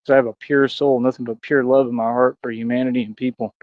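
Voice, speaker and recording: A man's voice: medium pitch, little pitch movement, quick pace, no echo, phone-quality sound. A man ranting casually on a livestream, rambling and aggrieved, slipping into preachy declarations. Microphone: streaming mic.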